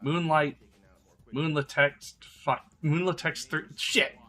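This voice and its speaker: A man's voice: a little high, fairly even intonation, slow, sharp tone. A sick man streaming live, rambling crudely in casual chat and laughing often.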